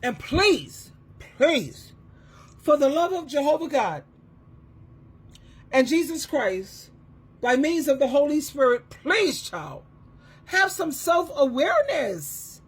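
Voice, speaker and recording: A middle-aged woman, an advice coach and Christian counselor, talking in an emotional monologue, emphatic and repetitive, swinging from loud to soft. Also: high-pitched, big pitch swings, takes it slowly, pauses often.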